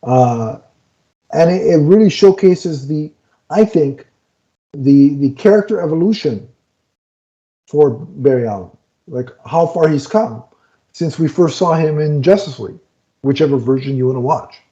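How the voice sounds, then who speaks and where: A man's voice: on the high side, expressive, a little slow, long pauses, mellow, highs cut off. A man co-hosting a casual film review, retelling scenes with lots of restarts and fillers. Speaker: podcast co-host reviewing a film.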